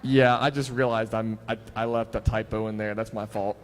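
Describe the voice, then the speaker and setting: A man's voice: lowish voice, flat delivery, normal speed, a little hiss or hum. A young man hosting voice acting auditions at a convention panel on a handheld microphone, chatty and self-deprecating. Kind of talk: casual convention panel talk. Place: convention hall. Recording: echoey hall with faint crowd ambience.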